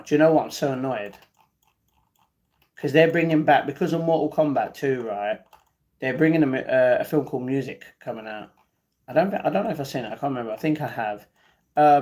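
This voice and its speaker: A man's voice: medium pitch, a little mellow. A man hosting a live stream, casually reading out viewer comments and bantering back at them. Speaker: livestream host reading chat.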